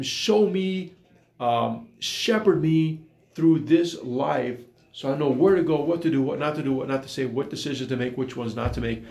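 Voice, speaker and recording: A man preaching in a slightly high, gravelly voice, earnest and repetitive, asking his listeners question after question. The sound bounces around an echoey room. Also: a little mellow. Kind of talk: sermon.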